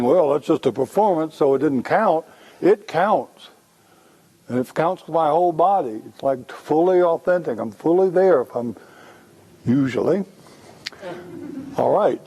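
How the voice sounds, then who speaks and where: Gravelly man lecturing a workshop. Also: on the high side, rough recording. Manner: relaxed, conversational explaining. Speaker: workshop presenter. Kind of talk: workshop lecture with role-play demo.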